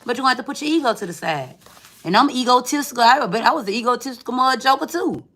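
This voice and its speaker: A woman's voice: on the high side, animated, quick pace, bright, forceful tone. A woman giving a tarot reading in casual, chatty talk, swearing freely and calling the viewer friend. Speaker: tarot reader.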